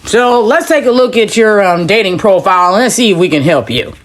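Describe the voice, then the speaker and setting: A woman's voice: medium pitch, lively intonation, fairly quick, a little hiss or hum. A woman hosting a reaction video with blunt, teasing, snarky commentary.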